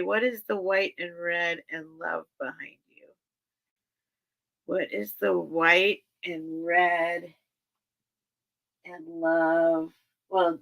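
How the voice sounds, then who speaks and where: A woman's voice: lowish voice, vocal fry, a bit bright. A woman hosting a casual livestream sale, chatting with viewers in a rambling, earnest way with many restarts. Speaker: livestream seller and host.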